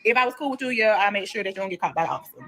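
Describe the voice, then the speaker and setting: Fast-talking, blunt young woman storyteller. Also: mid-range voice. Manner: animated, blunt, profane, addresses listeners as y'all. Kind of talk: casual storytime. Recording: played clip within livestream.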